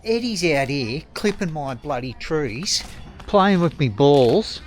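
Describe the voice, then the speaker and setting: A man's voice: on the high side, sing-song, slow pace. A man, chatting casually and joking as he films a vlog outdoors at his home. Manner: joking, blokey banter. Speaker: vlogger.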